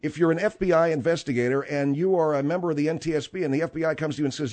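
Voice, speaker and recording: A man's voice: fairly high pitch, big pitch swings, quick pace, a little mellow. A man hosting a talk radio show, delivering a combative, rambling and sarcastic monologue.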